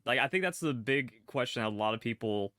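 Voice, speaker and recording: A man's voice: mid-range voice, animated, fairly quick, sharp tone, no room sound, studio quality. A man on a podcast asking questions in a searching, hesitant way. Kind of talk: casual podcast conversation.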